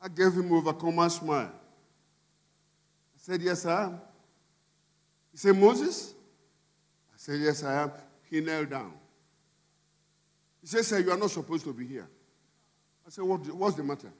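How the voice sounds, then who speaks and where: A man preaching a sermon as a bishop, emphatic and shifting from quiet asides to shouted appeals. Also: fairly high pitch, unhurried, pauses often. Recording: long reverb in a large hall.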